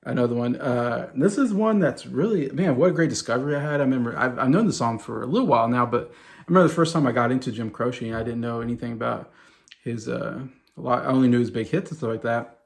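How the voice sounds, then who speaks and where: A man's voice: medium pitch, fast talker, creaky. A man around forty talking casually to camera as a music vlogger, enthusiastic and rambling, with lots of fillers and restarts.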